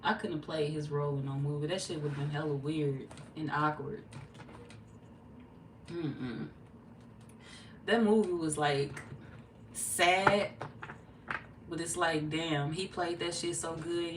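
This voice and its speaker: A woman, streaming a tarot reading and chatting casually, telling animated stories and cussing freely. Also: sits low, slow pace, long pauses, distant mic. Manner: animated storyteller, cussing freely, acting out quotes. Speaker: tarot reader streaming live. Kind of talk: casual livestream chat. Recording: echoey room, off-mic, faint hum.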